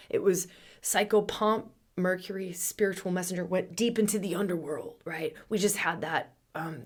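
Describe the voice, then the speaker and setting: A woman hosting an astrology talk, speaking in slow, repeated mantra-like phrases with soft whispered asides. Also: on the low side. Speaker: astrology podcast host. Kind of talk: reflective spiritual monologue.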